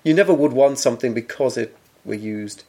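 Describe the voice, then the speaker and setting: A man's voice: mid-range voice, fairly quick, darkish tone. A British man co-hosting a podcast in casual conversation. His delivery is dry and pedantic, and he argues over grammar and word meanings with his co-host. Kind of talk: casual chat.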